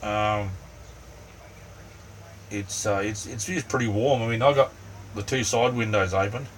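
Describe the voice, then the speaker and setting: Rambling easily with lots of ums and "mate," a middle-aged Australian livestream host chats with viewers from inside a small camper van. His voice sits on the low side and moves a little slowly. The mic is distant, with a fan humming faintly in the background.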